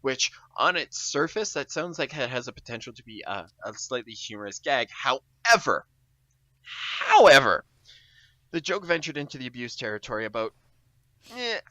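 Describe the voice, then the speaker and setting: A man's voice: medium pitch, lively intonation, fairly quick, pushed and bright, no echo, highs cut off. A man co-hosting a podcast, retelling a story in a wry, sarcastic casual chat. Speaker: podcast co-host.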